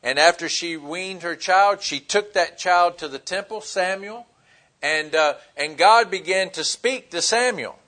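A man preaching a sermon in a conversational way, pausing on fillers and retelling scripture as dialogue. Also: sits high, sharp tone. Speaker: pastor.

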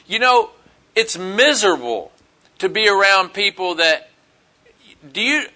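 A man's voice: sits high, expressive, measured pace, bright, forceful tone. A man preaching a sermon in a folksy, emphatic way, full of rhetorical questions. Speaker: pastor.

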